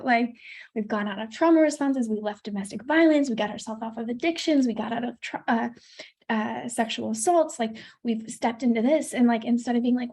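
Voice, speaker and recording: A woman's voice: a little high, a little fast, a little mellow. A woman in her thirties teaching a course module on attachment, talking candidly and swearing casually. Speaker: coach.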